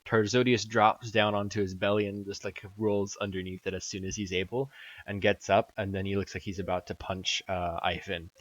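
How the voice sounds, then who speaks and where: A man narrating a tabletop game as game master, halting with many fillers. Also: fairly low pitch, level tone, fairly bright tone, no echo. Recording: dull dry sound.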